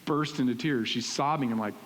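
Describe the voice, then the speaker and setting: A middle-aged male pastor preaching in a church, animated and conversational, often checking in with "right?". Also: mid-range voice, a little fast. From Texas. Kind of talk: sermon. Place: church sanctuary. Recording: reverberant church hall with faint hiss.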